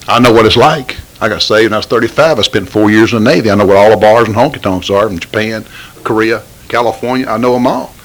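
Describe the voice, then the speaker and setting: A man's voice: on the low side, fast talker, fairly bright tone, rough recording. A middle-aged man, preaching informally in a folksy, pleading way that rises into bursts of fervor. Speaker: lay preacher.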